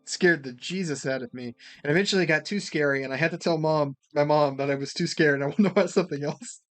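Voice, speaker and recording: A young man hosting a podcast, telling a story in casual chat, animated and swearing freely as he acts out the quotes. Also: on the high side, quick pace. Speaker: podcast host.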